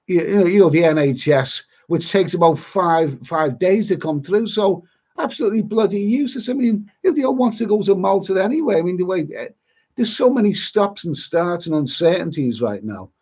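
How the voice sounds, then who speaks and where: A man's voice: high-pitched, expressive, normal speed, a little mellow, slightly rough. A man from Liverpool with a Liverpool accent, rambling bluntly and grumbling through a casual live-stream chat as a travel vlogger. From Liverpool, England. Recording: dull lo-fi sound.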